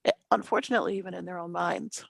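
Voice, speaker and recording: A woman's voice: on the low side, steady tone, fast talker, vocal fry, no room sound. A woman co-hosting a Bible study, talking reflectively and searching for her words. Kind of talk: reflective conversation.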